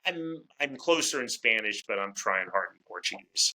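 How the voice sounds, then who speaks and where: A man talking as a guest in a casual interview, chatty and quick to restart his words. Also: fairly low pitch, lively intonation, pushed and bright, a little hiss or hum, rough recording. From United States. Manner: talkative, repeats words as he restarts. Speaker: fight commentator, interview guest.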